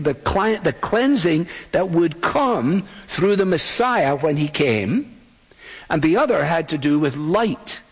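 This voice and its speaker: A man's voice: fairly high pitch, breathy edge, big-room sound, low-quality recording. A man preaching a sermon as pastor, quoting scripture and speaking the lines of listeners and figures in the story. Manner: quotes scripture and acts out voices of listeners and figures.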